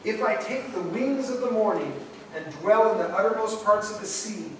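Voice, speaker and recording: Emotional pastor preaching in an echoey hall. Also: male voice, high voice, normal speed, a little hiss or hum. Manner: emotional, preaching with swells of volume. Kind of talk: sermon. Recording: very echoey hall, distant mic.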